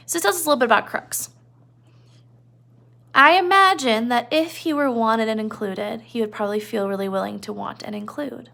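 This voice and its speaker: Gravelly-voiced woman teaching a novel. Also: on the high side, normal speed, bright, forceful tone. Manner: conversational, explains with asides and checks. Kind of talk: classroom lecture retelling a novel.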